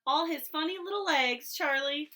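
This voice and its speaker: A woman voicing an eager, insistent little girl who is excitable and obsessed with one book. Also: high voice, normal speed, slight background noise.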